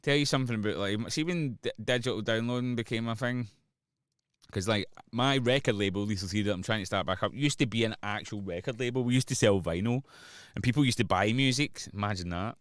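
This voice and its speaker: A Scottish DJ and music producer chats casually on a livestream while making music, rambling, swearing freely, and laughing often. His lowish voice is fast and a bit bright, captured in clean studio sound with no echo.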